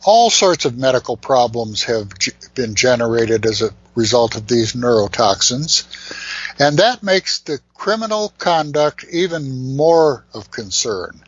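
An older man, a beekeeper guest in an interview, speaking in an emphatic, indignant and deliberate way. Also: medium pitch, sing-song, breathy edge, no echo. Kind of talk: forceful interview commentary. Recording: muffled dry remote line.

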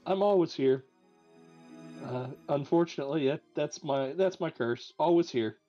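A man's voice: a little high, normal speed, dark tone, highs cut off, faint music behind, voice pushed up, natural voice. A man voicing a cursed talking amulet, resigned to being bound forever.

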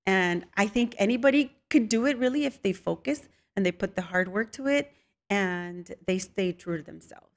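A woman in her thirties talks casually as an interview guest. She tells stories with a lot of laughter and acts out the voices of the people in them, at an everyday middle pitch. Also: normal speed. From Mexican roots. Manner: animated storyteller, laughs often, acts out quotes. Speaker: guest, chef and content creator.

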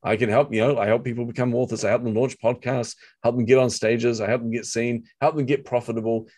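A middle-aged man with a New Zealand accent, an interview guest telling animated stories and acting out quotes. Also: mid-range voice, fast talker. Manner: animated storyteller, acts out quotes. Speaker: guest, marketing coach. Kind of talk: storytelling interview chat.

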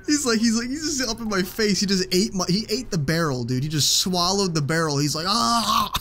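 A man's voice: sits high, fairly quick, fairly bright tone. A young man giving casual, joking commentary while he plays a video game, swearing often. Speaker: gaming YouTuber.

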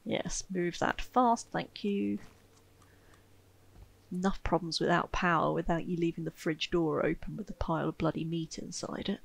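A woman giving casual, wry commentary over her own gameplay, chatty and self-mocking, with sudden excited yelps. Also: fairly low pitch, moderate pace, gravelly, breathy edge, low-quality recording. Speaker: game streamer commentating.

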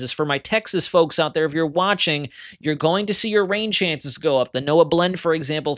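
A man's voice: a little high, a bit bright, no room sound, studio quality. A man hosting an online weather briefing, walking viewers through model charts in a conversational way. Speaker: weather forecaster.

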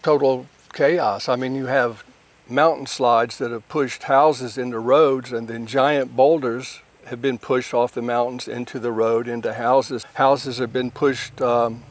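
A man's voice: mid-range voice, fairly even intonation, unhurried. Grave, blunt man on a farm. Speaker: artist and farmer. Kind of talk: field interview.

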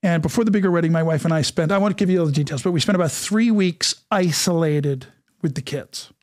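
A middle-aged man telling a story as an interview guest, animated and acting out the voices of the people in it. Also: fairly high pitch, fast, no room sound, clean studio sound. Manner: animated, acts out quoted dialogue.

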